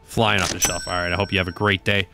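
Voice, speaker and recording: A man's voice: low voice, little pitch movement, fast talker, gravelly, background noise. A man narrating a shop game, chatting to customers in a cheery shopkeeper manner. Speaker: gaming YouTuber. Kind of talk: playful let's-play commentary.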